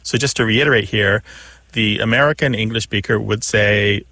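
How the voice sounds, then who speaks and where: A male radio co-host talks through a listener's question in a thoughtful, unhurried way. His voice has a gravelly edge, and the studio sound is dry and close. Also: lowish voice, pushed and bright, no room sound. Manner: thoughtful, explanatory, laughs often. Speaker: radio show co-host, language expert. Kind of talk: casual explanatory radio talk.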